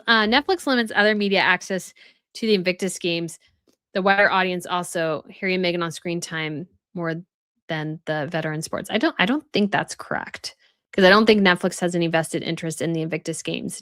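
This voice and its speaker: A woman's voice: lowish voice, a little fast, fairly bright tone, dry recording, clean studio sound. A young woman hosting a casual live stream, reading viewers' comments aloud and chatting about them with lots of "like" fillers. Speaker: host reading live chat.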